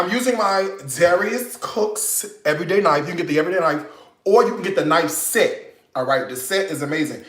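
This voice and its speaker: A man's voice: high voice, fairly bright tone, reverberant, slight background noise. A man hosting a home cooking demo, chatty and playful, with teasing jokes between steps. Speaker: cooking show host. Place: home kitchen.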